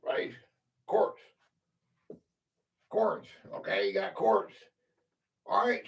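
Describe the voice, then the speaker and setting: A man's voice: high-pitched, wildly swooping pitch, drawn-out words, gravelly, pauses often. A man hosting a live-stream quiz game, reading questions aloud, counting out letters and chatting with viewers by name in a casual, easily amused way. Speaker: quiz game livestream host.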